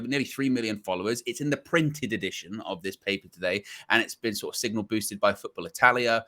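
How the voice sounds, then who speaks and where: A man talks through news in a relaxed, conversational way. His voice is bright and forceful at a middling pitch. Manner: reads out reports, relaxed and conversational. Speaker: co-host of fan channel. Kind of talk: casual chat.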